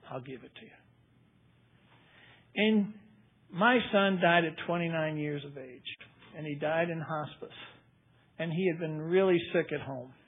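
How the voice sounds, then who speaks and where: A man's voice: a little high, slightly rough. An older man giving a personal recovery testimony, telling his story in a folksy way and acting out the people he quotes. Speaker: recovery speaker. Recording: tinny phone-like recording.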